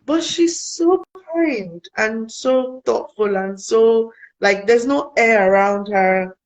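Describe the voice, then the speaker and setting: A woman's voice: on the high side, takes it slowly, rough recording. A young woman from Africa, earnestly telling a personal story in a casual interview and acting out the conversations in it. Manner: earnest, animated, quotes people in dialogue. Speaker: guest.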